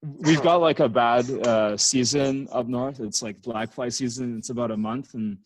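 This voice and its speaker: A man's voice: mid-range voice, moderate pace, slight background noise, rough recording. A man from Canada, a podcast guest, chatting casually and rambling through stories with lots of fillers. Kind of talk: casual chat.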